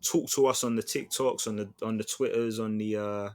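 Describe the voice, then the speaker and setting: Man, football podcast co-host, low voice, slangy chatty storytelling. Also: steady tone, moderate pace, darkish tone. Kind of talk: casual football chat.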